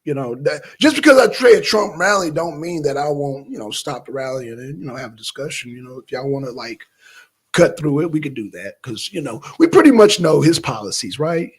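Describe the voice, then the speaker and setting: A man's voice: fairly high pitch, animated, fairly quick, husky. A man hosting a livestream, talking in a loose, rambling way and calling out viewers by name. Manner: rambling, loose and talkative, shouting out viewers in chat. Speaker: livestream host. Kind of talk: casual livestream chat. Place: Atlanta, Georgia.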